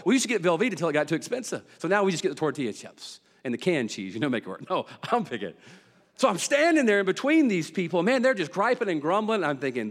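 A man preaches, his voice sitting a little high. He tells homespun stories with humor, then drops to a low, hushed tone to drive a point home. A long reverb hangs behind his voice, like a sanctuary. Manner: swings from loud excited storytelling to low hushed emphasis; folksy, humorous, colloquial. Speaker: pastor. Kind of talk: sermon with storytelling.

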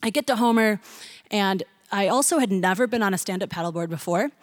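A young woman telling a funny personal story to an audience, animated and laughing, mimicking excited voices. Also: mid-range voice, brisk, no echo.

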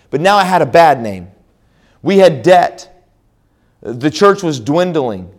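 Pastor preaching a sermon. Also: male voice, on the high side, darkish tone. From American South. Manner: storytelling, with frequent repeated restarts; slow, solemn scripture reading. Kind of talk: conference sermon.

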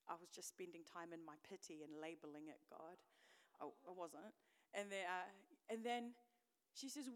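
A woman preacher giving a candid personal testimony, swinging between loud emphatic declarations and hushed, whispered lines. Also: fairly low pitch, steady tone, slow, long pauses. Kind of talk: sermon.

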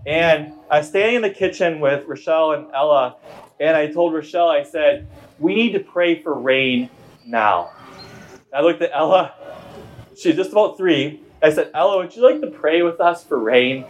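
A young man preaching a sermon, telling a family story with animated delivery that builds to shouted declarations. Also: fairly high pitch, normal speed, muffled recording. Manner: animated, acts out a child's voice and rises to shouts.

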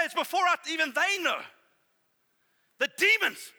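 A man preaching with animated, exclaiming energy in a very high, sharply bright voice. His sermon rings out with long reverberation in a hall. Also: normal speed, creaky. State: out of breath at times.

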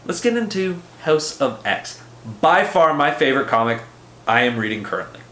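A man hosting a casual comic book review podcast, excitable and profane, rambling with lots of fillers. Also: fairly high pitch, normal speed, roomy sound.

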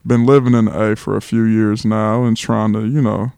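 A man's voice: lowish voice, little pitch movement, fairly quick, creaky, warm tone, clean tone, no room sound. A man in his late twenties from Los Angeles, a guest co-host talking candidly in casual chat. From California, Los Angeles. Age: 20s. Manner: candid, reflective, laughs readily.

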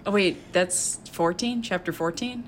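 A woman's voice: fairly low pitch, unhurried, slight background noise. A woman co-hosting a casual podcast, playful and giggly, teasing her friends. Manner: giggly, playful, self-mocking. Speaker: podcast co-host. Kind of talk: casual chat.

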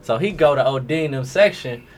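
A man's voice: mid-range voice, animated, normal speed. A man casually telling a long story in street slang to friends. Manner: laid-back slangy storytelling, slips into voices when quoting people.

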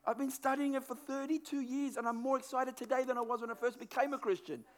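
A man preaching a sermon in an animated way, acting out inner thoughts and often repeating words as he goes. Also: very high-pitched, fast.

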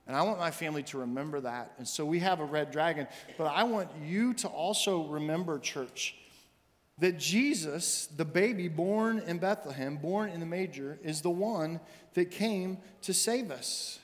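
A man, the senior minister, preaching a sermon in a church sanctuary and telling a story with animated quoted voices. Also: on the high side, normal speed. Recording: long hall reverb, faint music.

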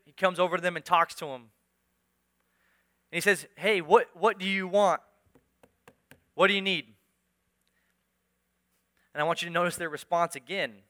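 A man's voice: sits high, pushed and bright. A male pastor preaching a sermon in church, earnest and urging, often repeating phrases for emphasis. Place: church sanctuary.

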